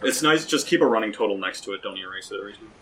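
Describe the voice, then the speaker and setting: A man's voice: lowish voice, animated, racing, sharp tone. A young man playing a tabletop game, rambling and filling his talk with 'like'. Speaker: player. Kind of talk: casual tabletop game banter. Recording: distant mic with faint noise.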